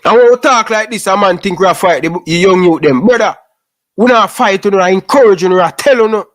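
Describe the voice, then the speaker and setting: A man's voice: high-pitched, a little fast. A Jamaican man giving an impassioned, preachy rant in patois, scolding young footballers and repeating his points.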